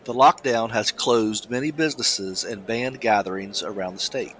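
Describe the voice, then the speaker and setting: A man's voice: on the low side, fairly bright tone, slight background noise, rough recording. A man co-hosting a casual talk show, chatting with many restarts and reading a news story aloud. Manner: halting, many restarts and fillers. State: coughing, something in windpipe. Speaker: podcast co-host.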